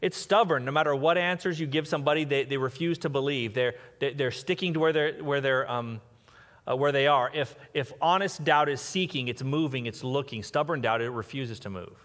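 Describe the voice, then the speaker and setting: A man's voice: mid-range voice, brisk, a bit bright. A man preaching a conversational sermon as a pastor, thinking aloud with restarts and fillers. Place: large church hall. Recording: reverberant hall.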